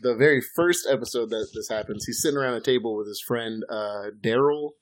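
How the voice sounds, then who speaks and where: A man's voice: mid-range voice, brisk. A man chatting casually as a podcast co-host, rambling and swearing, with lots of fillers. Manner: rambling, profane, loose storytelling with lots of fillers. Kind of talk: casual chat.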